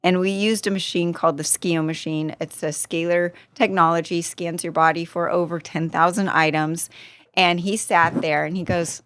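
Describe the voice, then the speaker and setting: Animated woman telling a personal story. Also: lowish voice, normal speed, smooth, dry recording. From Southern California. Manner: animated storyteller, acts out quotes. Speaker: guest, supplement company founder. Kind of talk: casual storytelling interview.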